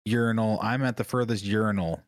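A man with a very low voice co-hosts a podcast and tells stories in an easy, laid-back way. He laughs often and backs up his partner with short agreeing replies. His voice is recorded close and dry. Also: a little fast, no room sound. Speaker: podcast co-host. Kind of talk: casual storytelling banter.

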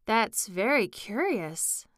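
A woman voicing a sad, slow-talking old male Mock Turtle in a storybook reading, mournful and easily offended. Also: medium pitch, very animated, a bit bright, no room sound, studio quality.

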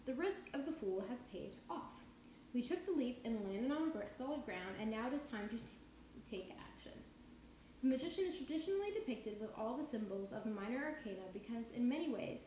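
A woman's voice: fairly high pitch, mellow. A woman hosting a podcast, reading aloud and chatting casually, prone to goofy tangents and restarts. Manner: chatty, goofy, breaks into off-key singing and tangents. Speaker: podcast host. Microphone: home podcast mic. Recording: echoey room with faint background noise.

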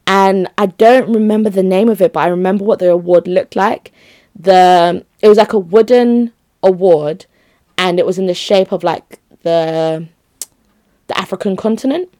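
Her voice is warm and medium-pitched, moving at a moderate pace as this young woman talks solo to her listeners in a rambling, giggly, casual way. The recording is dry and cleanly studio-made.

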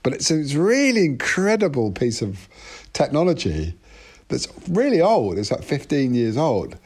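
A man's voice: medium pitch, wildly swooping pitch, normal speed, darkish tone. A man talking as an interview guest over a video call, rambling and self-interrupting, swearing freely.

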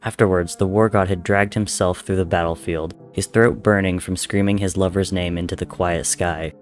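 A man narrating a dark dramatic story in a measured, intense reading. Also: deep voice, fairly even intonation, faint music behind.

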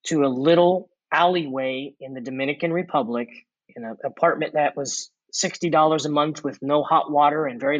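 A man guest in an interview, earnestly telling a personal testimony with reflective pauses and fillers. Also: fairly high pitch, no echo, rough recording. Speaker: former corporate executive turned mission worker.

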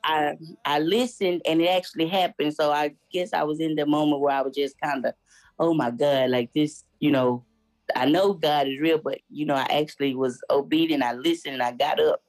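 Low-voiced woman telling her testimony. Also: steady tone, a little fast, darkish tone, dry recording, low-quality recording. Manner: earnest storytelling, acting out quoted voices. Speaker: guest sharing a testimony. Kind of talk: casual conversational testimony.

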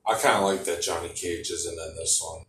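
A man's voice: deep voice, fairly even intonation, fairly quick, a bit bright. A man in casual chat, asking short, laid-back questions and giving brief replies. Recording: echoey room, far from mic, faint noise.

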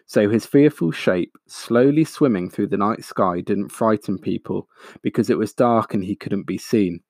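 A man reading a children's storybook aloud, slow, expressive and dramatic. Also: on the low side, dry recording, studio quality. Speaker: audiobook narrator.

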